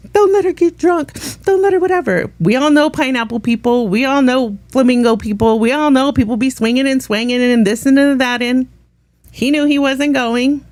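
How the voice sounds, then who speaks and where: A woman's voice: a little high, no echo. Sassy, profane woman vlogger. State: struggling voice, hard to talk. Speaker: drama commentary vlogger. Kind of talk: casual ranting commentary.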